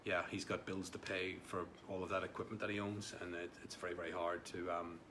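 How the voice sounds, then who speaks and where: A man's voice: deep voice, level tone, fairly quick, noisy background. A man hosting a casual live stream, reading out viewer comments in a rambling way, with many fillers and repeated words. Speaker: livestream host.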